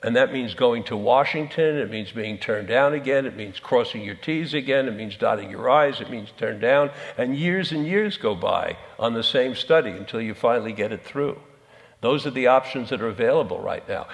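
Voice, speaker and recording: A man speaking on a conference panel, halting and repeating words as he thinks. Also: mid-range voice. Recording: long hall reverb.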